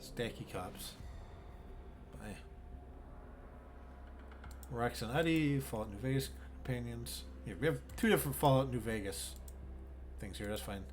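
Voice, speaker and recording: A man's voice: mid-range voice, measured pace, pauses often, background noise. A man streaming a zoo-building game, musing aloud in a bemused, rambling way and swearing freely. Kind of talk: casual gameplay commentary.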